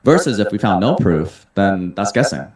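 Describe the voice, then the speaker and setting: A man's voice: on the low side, sing-song, moderate pace, a little mellow. A man hosting a live webinar, reading out audience questions and answering them in an upbeat, salesy way. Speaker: webinar host and mentor. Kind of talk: casual webinar Q&A. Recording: roomy echo.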